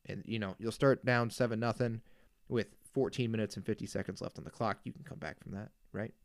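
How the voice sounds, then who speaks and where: A young man from the Kansas area hosts his own podcast, a casual solo rant that swings into exasperated outbursts and mock disbelief. His voice sits at an ordinary middle pitch, and the close mic gives it a dry, deadened sound with no room around it. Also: a little fast, no echo. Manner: animated, exasperated ranting with frequent asides. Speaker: podcast host.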